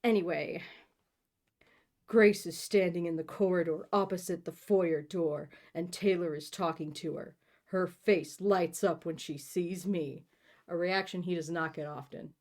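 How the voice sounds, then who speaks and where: A woman's voice: fairly low pitch, steady tone, unhurried, a little mellow. Giggly sarcastic woman reading aloud. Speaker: host reading a book aloud. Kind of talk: casual chat and mocking read-along.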